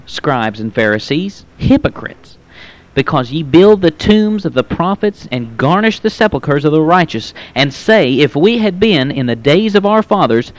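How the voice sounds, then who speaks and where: A man giving a pre-recorded radio sermon, earnest, often saying "my friend" and quoting scripture in old-fashioned wording. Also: a little high. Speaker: radio preacher.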